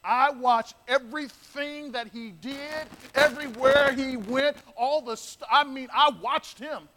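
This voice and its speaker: A man's voice: very high-pitched, fairly even intonation, unhurried, sharp tone, slight background noise, poor audio. A man preaching a sermon as pastor. He speaks emphatically, repeats key phrases and calls out to the congregation.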